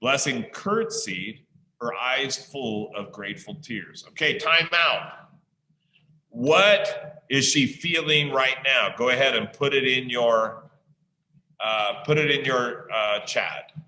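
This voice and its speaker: A male teacher reading a story aloud to an online class, pausing often to ask the listeners questions. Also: mid-range voice, sharp tone. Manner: slow, pausing to quiz listeners. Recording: echoey room sound.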